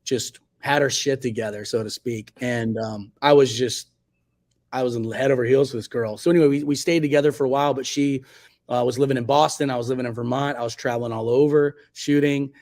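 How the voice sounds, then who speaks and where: A middle-pitched man in his forties talks through his past in a casual interview. He rambles, restarts sentences and leans on fillers like "like" and "you know". When he quotes other people, his voice jumps up high. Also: steady tone, a little fast, a little mellow. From Virginia Beach, United States. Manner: chatty, rambling, many fillers and self-corrections; acts out quoted speech in a much higher voice. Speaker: guest photographer.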